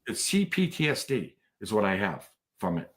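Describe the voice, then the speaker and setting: A man's voice: fairly low pitch, big pitch swings, moderate pace, a bit bright. A man, a podcast guest telling stories in casual chat, rambling with many restarts. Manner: rambling, restarts often, bursts into laughter.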